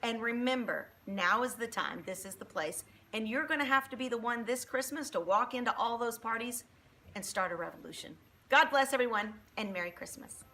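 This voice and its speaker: A woman in her forties delivers a preachy, animated faith-based motivational talk. Her voice sits a bit high and rings bright and forceful, with a faint hiss of noise behind it. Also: fairly quick. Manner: emphatic, preachy, animated storytelling. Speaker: Christian motivational speaker.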